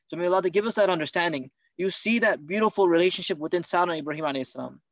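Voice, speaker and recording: A man's voice: high-pitched, rapid-fire, a bit bright, dry recording, muffled recording. A man preaching a sermon on marriage, earnest and driven by urgent rhetorical questions.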